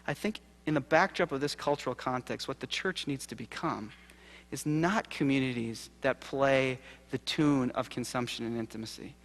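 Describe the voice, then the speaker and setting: A man giving a sermon-style keynote, telling a story with acted quotes and swinging from loud to hushed. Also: mid-range voice, normal speed. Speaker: keynote speaker. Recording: live lecture hall reverb.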